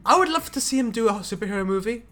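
A man's voice: extremely high pitch, animated, rapid-fire, a bit bright. A man co-hosting a film podcast, joking casually with hesitant restarts. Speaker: podcast co-host. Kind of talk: casual chat about films.

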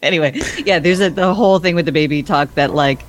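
A woman co-hosting a podcast in casual chat, excitable and laughing often, her voice jumping higher when she gets excited. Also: quick pace. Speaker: podcast co-host.

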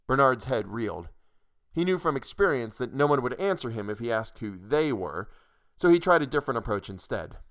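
Man, audiobook narrator, measured, dry storytelling. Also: mid-range voice, sing-song, fairly bright tone. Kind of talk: audiobook reading of a short story.

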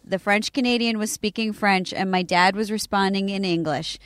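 A woman co-hosting a casual chat, quick and talkative, telling stories. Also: mid-range voice, fairly bright tone, dry recording, studio quality. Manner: quick, chatty storyteller. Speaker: podcast co-host.

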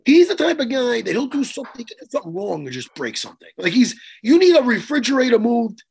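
A man co-hosting a chat show, telling a story in an excitable, profane way with lots of restarts. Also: extremely high pitch, fast, creaky. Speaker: podcast co-host and martial arts coach. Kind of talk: casual chat, animated storytelling.

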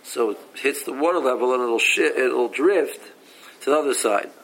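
A man leads a casual Talmud class. His voice has a gravelly edge, and he reads each line before explaining it plainly, often stopping to restart a phrase. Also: mid-range voice, moderate pace, fairly bright tone, poor audio. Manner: reads Aramaic text then explains in English, with frequent restarts. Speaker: Talmud teacher.

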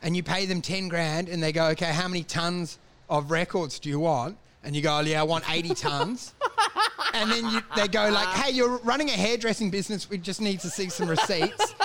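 A high, bright Australian man riffs through a comic bit, laughing as he acts out ridiculous scenarios. His voice is tense and forceful, with faint ambient noise behind him. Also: brisk. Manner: riffing, laughing, acting out absurd scenarios. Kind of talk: casual comedic banter.

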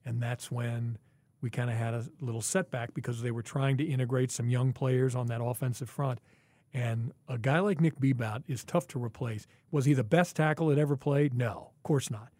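Ex-player co-host, sixties, mid-pitched, chatty, lively storyteller. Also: male voice, moderate pace, dry recording. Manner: reminiscing, animated, with asides. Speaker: podcast co-host, former pro football player. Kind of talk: casual storytelling chat.

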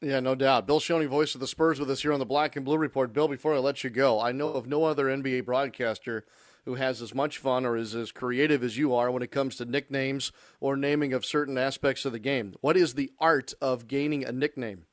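A man's voice: medium pitch, steady tone, a little fast, no room sound. A male sports radio host interviewing a guest in a conversational way.

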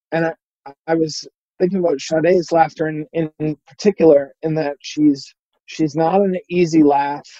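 A middle-aged man hosting a casual interview, speaking haltingly with many restarts. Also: a little high, mellow, dry recording, muffled recording. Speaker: podcast host.

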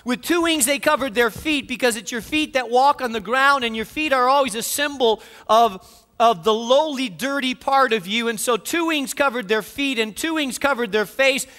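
A man preaching a dramatic sermon, swinging from soft passages to loud declarations. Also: very high-pitched, moderate pace, in a large hall. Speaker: pastor.

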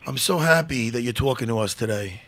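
A man's voice: mid-range voice, expressive, a little fast, a bit bright. A man hosting a podcast, chatting casually and rambling with self-deprecating jokes and swearing. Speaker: podcast host. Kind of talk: casual interview chat.

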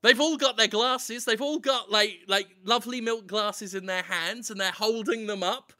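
A man riffing in improvised comedy banter, loud and excitable, breaking into shouted bits. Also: high-pitched, normal speed.

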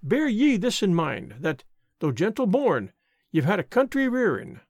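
A man's voice: sits high, huge pitch swings, measured pace, darkish tone, no room sound, clean studio sound, heavily acted. A man voicing a kindly, earnest old country minister in an audiobook, giving solemn, old-fashioned counsel. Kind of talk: audiobook reading.

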